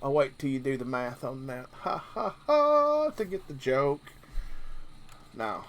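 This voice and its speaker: A man's voice: medium pitch, fairly even intonation, unhurried. A man from Kentucky with a Southern drawl, hosting a casual live stream and rambling along jokingly with lots of fillers. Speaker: livestream host.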